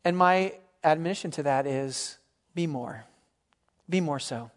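A man's voice: a little high, a little slow. Earnest male pastor preaching a sermon. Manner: earnest, emphatic preaching with varied dynamics.

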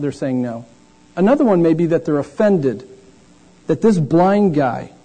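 Animated preacher with a soft, husky voice. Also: male voice, fairly high pitch, rough recording. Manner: animated, acts out voices of the disciples and the blind man. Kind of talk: sermon.

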